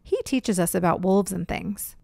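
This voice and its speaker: A woman voicing a teasing, know-it-all young boy who talks loudly. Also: mid-range voice, moderate pace, creaky, no echo, close to an everyday voice. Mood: smug. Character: boastful young boy, teasing older brother.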